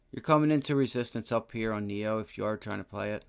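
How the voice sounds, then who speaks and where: Talking quickly in a fairly low, gravelly yet smooth voice, a day trading livestream host reasons aloud over his charts. His back aches, and bad trades set off frustrated bursts of cursing.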